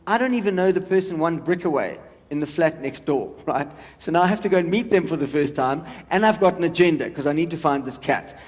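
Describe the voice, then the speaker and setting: A man in his forties doing stand-up, his voice pitched notably high for a man. He chats loosely with the crowd, and his words ring out with a long echo across a large hall. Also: lively intonation, a little fast, darkish tone. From South Africa. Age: 40s. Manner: chatty crowd work with the audience. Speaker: stand-up comedian. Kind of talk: stand-up comedy. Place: large event hall with a live audience.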